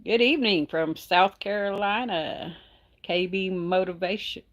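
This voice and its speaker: A woman's voice: medium pitch, a little slow, a bit bright. A middle-aged woman, chatting casually on a livestream and reading viewer comments aloud with frequent laughs. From Texas. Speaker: livestream host. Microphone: phone.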